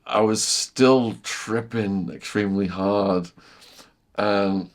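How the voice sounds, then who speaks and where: A middle-aged man telling a vivid story as a podcast guest, repeating phrases and sinking to a hushed near-whisper at tense moments. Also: fairly low pitch, steady tone, slow pace. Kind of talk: storytelling in casual chat.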